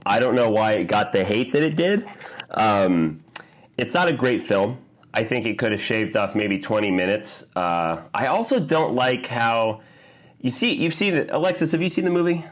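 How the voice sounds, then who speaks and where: A man co-hosting a film podcast in casual chat, acting out quotes in a raised voice. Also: a little slow. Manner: animated, acts out quotes in a high voice. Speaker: podcast co-host.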